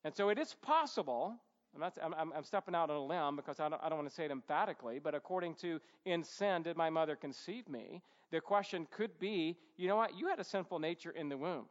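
A man delivers a sermon with a slightly high voice, talking plainly and breaking in with joking asides and a quick "right?" to the room. The sound is dull and lo-fi, and each phrase hangs in a long hall reverb. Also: animated. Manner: conversational preaching with humorous asides and rhetorical "right?". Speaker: pastor. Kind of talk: expository sermon.

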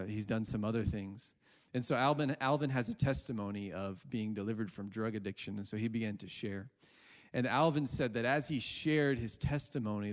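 A man's voice: fairly low pitch, a little mellow. Earnest male preacher in a reverberant hall. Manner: earnest, retelling a story with quoted dialogue. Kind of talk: sermon storytelling.

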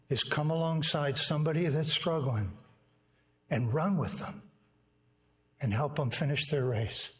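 A man's voice: on the high side, measured pace, long pauses, long reverb tail. A man preaching a sermon, telling a personal story in a conversational way and closing in prayer. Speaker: pastor. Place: church sanctuary.

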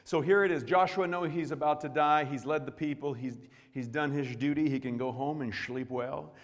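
A male pastor preaching a fervent sermon, swinging between quiet, intimate passages and loud, impassioned pleading. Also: a little high, steady tone, moderate pace, big-room sound.

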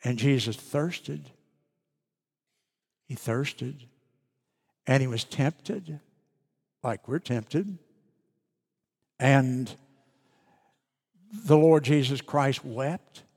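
A man preaching a sermon as pastor, earnest and emphatic with deliberate pauses. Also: medium pitch, vocal fry, a little mellow, slightly rough, in a large hall.

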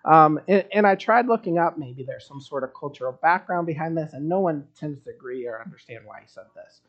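A man's voice: fairly high pitch, animated, brisk, highs cut off. A man preaching a sermon in a conversational way, with wry asides. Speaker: pastor.

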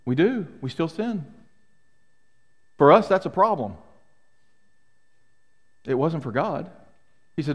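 A man's voice: fairly high pitch, sing-song, moderate pace, long pauses. A middle-aged man preaching a sermon to his congregation, emphatic and full of rhetorical questions. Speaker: pastor. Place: church sanctuary. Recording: long hall reverb.

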